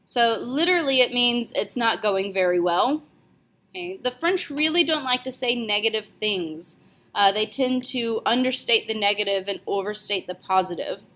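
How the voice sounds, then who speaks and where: A young woman teaching a French lesson, speaking clearly and slowly repeating each phrase. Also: mid-range voice, expressive, a bit bright. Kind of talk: video language lesson.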